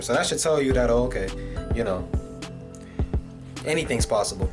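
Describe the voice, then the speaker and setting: A man's voice: mid-range voice, animated, a little fast, long pauses. A man ranting casually in a video commentary, swearing and using many fillers. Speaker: vlogger. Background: music.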